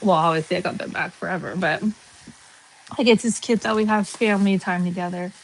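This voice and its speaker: A woman's voice: on the low side, a little fast, slight background noise, rough recording. Woman, 30s, livestream host, casual storytelling, blunt, swears, fillers, cooking while talking. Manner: chatty, blunt, swears freely, many fillers.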